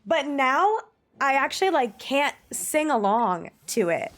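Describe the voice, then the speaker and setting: Her voice sits high and sing-song, slightly bright, at a measured pace. She's livestreaming, chatting casually with viewers, reading chat aloud, and gushing emphatically with the occasional swear word.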